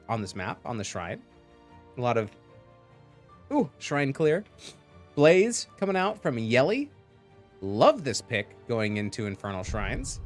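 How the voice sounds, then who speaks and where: A man casting a live video game match, with goofy, jokey asides between calls. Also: medium pitch. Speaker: esports caster.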